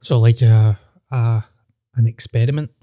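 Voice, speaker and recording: A man's voice: medium pitch, fairly even intonation, measured pace, mellow. A man with a Scottish accent co-hosting a podcast, trading sweary, laughing banter in casual chat. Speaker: podcast co-host.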